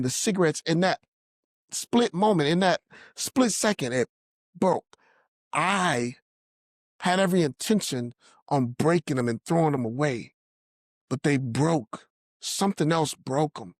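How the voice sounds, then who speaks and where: A man's voice: fairly high pitch, no room sound, studio quality. A man sharing a personal faith testimony in earnest storytelling, acting out the voices of people he quotes. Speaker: podcast guest telling his testimony.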